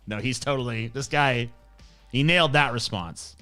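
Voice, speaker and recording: A man's voice: medium pitch, moderate pace, bright, forceful tone, soft background music. A male host giving blunt, profane, scornful ranting commentary while reacting to clips and viewer questions.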